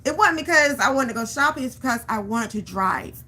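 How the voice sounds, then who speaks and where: Woman vlogger, motivational chat, bright higher voice, acts out her stories. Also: a little fast, breathy edge. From Georgia, US. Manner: animated storytelling, acts out her own panic; repeats phrases for emphasis. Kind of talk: motivational vlog talk.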